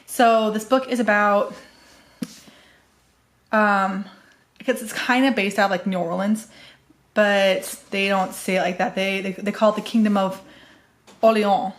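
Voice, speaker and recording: A woman's voice: medium pitch, fairly even intonation, unhurried, long pauses. A woman from the US Northwest, chatting casually as a book vlogger, rambling with fillers and correcting herself as she goes. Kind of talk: casual chat.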